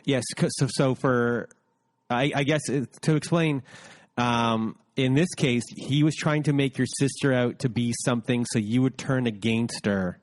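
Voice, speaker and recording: A man's voice: mid-range voice, unhurried. A man hosting a podcast interview, explaining ideas and asking leading questions with hesitant fillers. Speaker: podcast host. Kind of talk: interview conversation.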